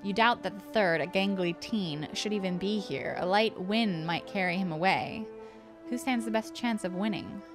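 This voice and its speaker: A woman's voice: mid-range voice, normal speed. Gaming streamer: woman narrating game text, chatty asides, game music under. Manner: chatty, reacting between narrated passages. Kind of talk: let's-play, reading game text aloud.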